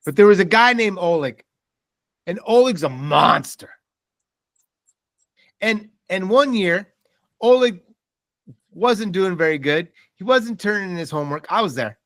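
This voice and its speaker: A man's voice: fairly high pitch, no echo, clean studio sound. A man giving a motivational seminar talk as a mortgage sales trainer, telling stories and acting out quoted dialogue. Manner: animated storytelling with quoted dialogue.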